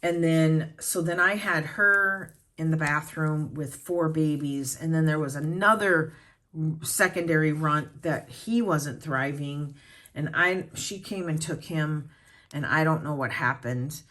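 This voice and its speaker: A middle-aged woman with a notably low voice chats casually with her viewers at home. She rambles from one thing to the next and talks to them as friends. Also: a little slow, a bit bright. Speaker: planner vlogger. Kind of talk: casual chat.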